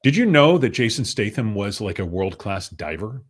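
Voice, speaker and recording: A man's voice: fairly low pitch, moderate pace, breathy edge. A middle-aged man, a podcast guest, telling casual anecdotes with frequent laughter. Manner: animated storyteller, laughs often.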